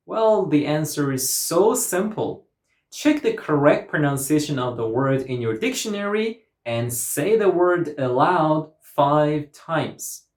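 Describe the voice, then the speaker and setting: A woman with a deep, darkish voice teaches English pronunciation slowly and carefully, repeating each model word several times and stretching out its syllables. The recording has a roomy echo.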